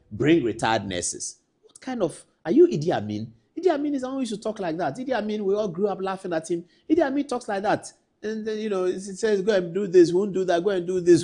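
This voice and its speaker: Ghanaian male anchor, husky, animated pitch, indignant studio commentary. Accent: Ghanaian English. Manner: indignant, rhetorical questions, swings between loud and hushed. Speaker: TV news anchor.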